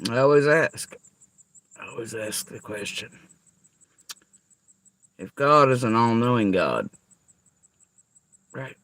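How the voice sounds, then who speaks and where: A man's voice: medium pitch, poor audio. A man delivering an angry, profane, sarcastic rant straight to someone he calls out. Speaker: vlogger. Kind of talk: angry ranting monologue.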